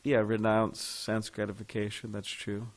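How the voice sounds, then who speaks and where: Low-voiced man teaching a scripture class. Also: completely flat delivery, moderate pace. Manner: conversational, questions the audience. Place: temple class room.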